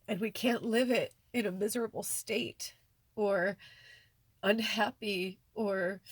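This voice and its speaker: A woman's voice: mid-range voice, no echo. A woman talking tearfully and rambling in a personal vlog, filling her speech with many "like"s. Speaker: spiritual vlogger.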